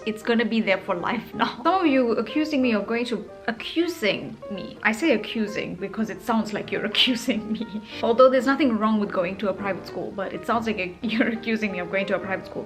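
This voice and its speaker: A woman's voice: fairly high pitch, a bit bright. A woman in her thirties from South Africa, speaking South African Indian English with a British tinge, chatting expressively and teasingly to camera in a casual vlog. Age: 30s. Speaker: vlogger.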